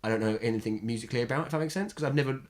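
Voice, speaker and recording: A man's voice: medium pitch, racing. A young man from England co-hosting a podcast in casual chat, rambling and repeating words as he talks. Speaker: podcast co-host.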